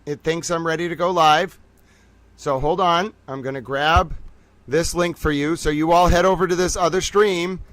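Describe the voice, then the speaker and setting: A man with a slightly high speaking voice hosts a casual livestream, addressing his viewers as ladies and gentlemen. He swings into theatrical mock outrage and grand declarations as he talks to them. The sound is close and dry, with no room around it. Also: fairly even intonation, moderate pace, no room sound. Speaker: livestream host.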